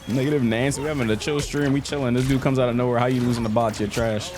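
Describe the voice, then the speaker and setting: A young man chats casually on a game live stream, talking fast in a mid-range voice with fairly even intonation and hardly any pauses. He jokes around, teases a viewer, and laughs often, with game sounds and noise behind him.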